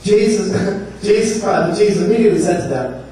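A man preaches with a humorous, storytelling energy, slipping into playful voices for the characters. His voice sits a little high. He is heard from a distance in a strongly echoing room with faint background noise. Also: brisk. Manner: animated, humorous, acts out voices with laughs. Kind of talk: storytelling sermon.

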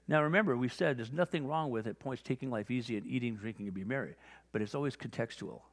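Male pastor, mid-pitched, animated storyteller; church sanctuary with long reverb. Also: quick pace. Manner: animated storytelling, acting out conversations. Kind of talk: sermon.

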